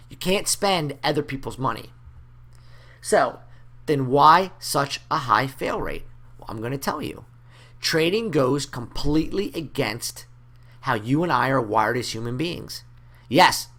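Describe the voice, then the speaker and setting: A man with a gravelly edge to his voice delivers a trading course lecture. His pitch swings up and down a lot, and he talks in a blunt, conversational way with casual swearing, jumping into quick acted-out exchanges. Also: fairly bright tone. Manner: acts out dialogue in raised voices. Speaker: trading coach.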